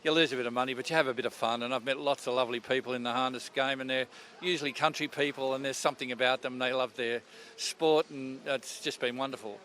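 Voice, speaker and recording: A man's voice: mid-range voice, steady tone, fast talker, fairly bright tone, a little hiss or hum. An older Australian man, a radio presenter, chatting in a rambling, storytelling way, interviewed outdoors at a racetrack. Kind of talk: casual interview chat.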